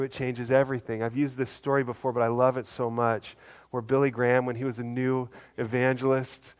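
A male pastor delivering a sermon with an earnest, conversational manner. He talks as if chatting with his congregation and slips into quick acted-out voices for the people he quotes. His voice sits at an ordinary middle pitch for a man. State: briefly choked up.

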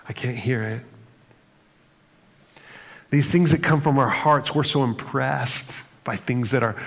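A man delivering a sermon in a conversational way, acting out quoted lines with bursts of humor. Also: medium pitch. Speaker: pastor. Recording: reverberant hall, dull sound.

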